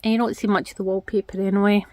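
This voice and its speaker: A woman's voice: medium pitch, little pitch movement, rapid-fire, dark tone, dry recording. A Scottish woman talks through her home redecorating in a chatty, frank, self-deprecating way. Her voice sits in an ordinary middle range and sounds close and dry, with almost no room around it. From Scotland. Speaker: vlogger. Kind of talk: casual vlog chat while working. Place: small house, indoors, redecorating.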